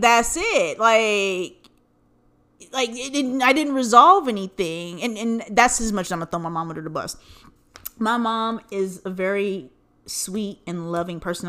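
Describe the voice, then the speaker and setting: A young woman talking on her own podcast in a loose, conversational way. She swears constantly, drops joking asides, and keeps an animated, candid delivery. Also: mid-range voice. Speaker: podcast host. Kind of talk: casual solo podcast monologue.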